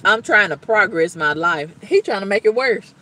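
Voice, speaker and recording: A woman's voice: medium pitch, lively intonation, moderate pace, pushed and bright. A woman venting to the camera in a blunt, emphatic, colloquial way, with repeated exclamations and exasperated storytelling. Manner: colloquial, blunt talk with cussing. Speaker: vlogger.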